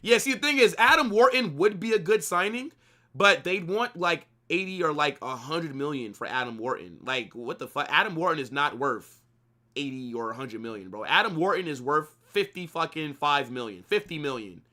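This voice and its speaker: A young man talks football on a live watch-along stream. His voice sits a little high and rings bright. He is animated and opinionated, peppers his talk with slang and casual swearing, and argues his points in a loose, conversational way. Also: moderate pace.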